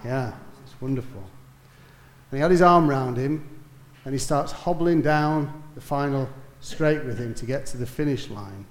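Male preacher, mid-pitched, storytelling sermon delivery that builds and falls; roomy echoing hall sound. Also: moderate pace. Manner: storytelling, rising to emphatic peaks then dropping soft.

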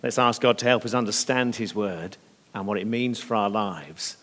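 A slightly hoarse man preaching a sermon in earnest, often pausing on fillers. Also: fairly low pitch. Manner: earnest, with hesitant fillers and softening in prayer. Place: church. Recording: long reverb of a church hall.

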